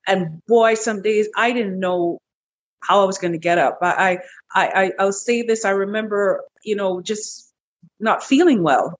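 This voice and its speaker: A middle-aged woman guest in an interview, telling a personal story in a lively, animated way, repeating words as she goes. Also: a little slow, highs cut off. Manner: animated, breaks into high quoted voices, repeats words. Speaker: interview guest, wellness clinic owner.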